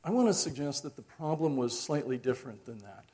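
Husky middle-aged man preaching reflectively. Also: medium pitch, animated, a little mellow. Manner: reflective, conversational, many pauses and fillers. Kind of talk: sermon.

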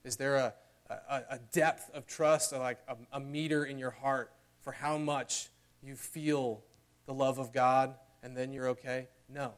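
A man's voice: steady tone, a little slow. Earnest male preacher. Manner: earnest preaching, swelling louder and higher at climaxes. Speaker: pastor. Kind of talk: sermon.

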